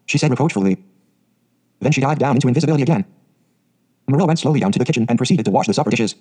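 Male audiobook narrator. Mellow, husky tone, brisk storytelling. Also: medium pitch. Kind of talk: scripted narration of a novel.

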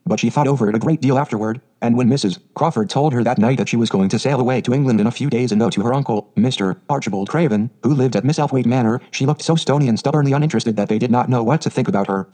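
A man narrating a storybook in a steady, even reading. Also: mid-range voice, fast, few pauses, low-quality recording. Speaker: audiobook narrator.

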